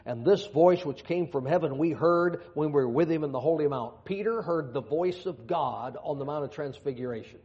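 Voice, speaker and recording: A man's voice: on the high side, moderate pace, hardly any pauses, darkish tone. A man preaching a sermon, reading scripture aloud and dropping folksy, joking asides. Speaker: pastor. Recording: dull lo-fi sound.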